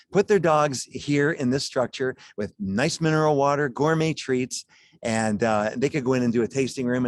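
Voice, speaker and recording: A man's voice: medium pitch, dry recording. A man presenting wines at a charity gala over a video call, in a chatty, folksy way, chuckling as he talks.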